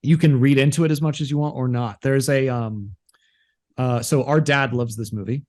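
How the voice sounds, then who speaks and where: A man with a mid-range voice talks at a normal speed while co-hosting a podcast. His casual chat rambles with plenty of restarts, and he gets animated acting out movie lines.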